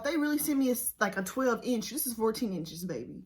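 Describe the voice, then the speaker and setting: A woman's voice: a little high, very animated, fairly quick, noisy background. A woman chatting nervously to herself and her viewers in a casual home vlog. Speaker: beauty vlogger. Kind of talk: casual self-talk vlog. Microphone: camera set up nearby.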